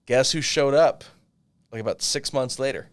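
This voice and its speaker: A man in his thirties telling a long personal story in casual chat, animated and swearing freely. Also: mid-range voice, normal speed. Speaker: podcast co-host.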